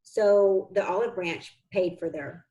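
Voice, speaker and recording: A woman's voice: fairly low pitch, slow, dark tone, muffled recording. Heartfelt woman telling an adoption story. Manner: heartfelt and earnest, close to tears. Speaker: interview guest, adoptive mother and foundation founder. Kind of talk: conversational interview storytelling.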